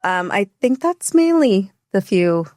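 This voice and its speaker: A woman nurse practitioner, a podcast guest, explaining treatments in a casual way, with many fillers and pauses. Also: medium pitch, big pitch swings, a little mellow, dry recording, clean studio sound. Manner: explains plainly with frequent fillers like um and you know.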